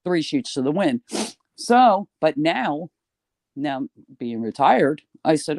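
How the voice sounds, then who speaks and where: Retired New York man, talkative storyteller, higher voice, close dry sound. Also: slow, creaky, dry recording. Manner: chatty storyteller, lively and swearing now and then. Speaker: guest. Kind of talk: casual chat.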